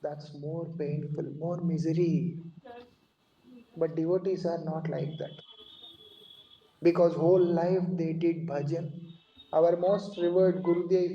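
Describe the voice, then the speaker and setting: A monk giving an earnest devotional lecture, explaining verses phrase by phrase, on a dull lo-fi recording. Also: male voice, on the high side, slight background noise.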